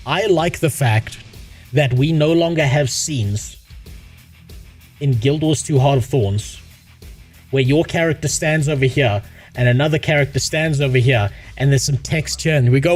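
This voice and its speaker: A man's voice: mid-range voice, measured pace, soft background music. A man ranting on a live stream about a game, profane and sarcastic. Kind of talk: casual live-stream rant.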